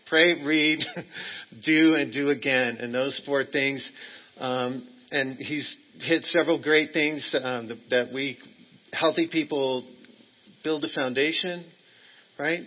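Male guest preacher, slightly high voice, loose and chatty, muffled lo-fi church recording. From Texas. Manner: friendly, joking, loose and rambling. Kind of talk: sermon.

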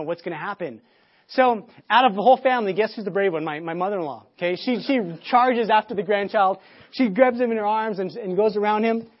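A man preaching a sermon, telling a family story with many restarts and repeated words, and getting loud when he acts out shouting. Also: high voice, muffled recording. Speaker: pastor.

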